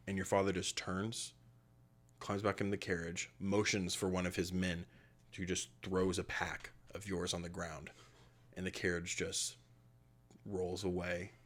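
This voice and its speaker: Man, game master, low voice, chatty narration, filler-heavy. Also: measured pace. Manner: rambling, animated narration with many fillers.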